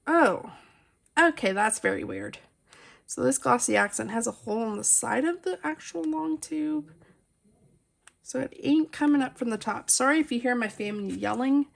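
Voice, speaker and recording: A woman's voice: a little high, expressive, moderate pace, creaky. A woman vlogging casually from home as she colors, chatting and rambling with lots of fillers, recorded on a phone. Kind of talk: casual chat while coloring. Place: at home, family nearby.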